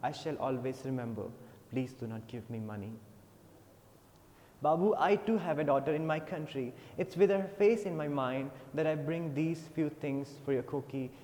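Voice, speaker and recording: A man with an Indian English accent voicing a humble older Afghan fruit seller, speaking softly and low in a reverberant room. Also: moderate pace, hardly any pauses, close to an everyday voice. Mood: humble pleading. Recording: long reverb.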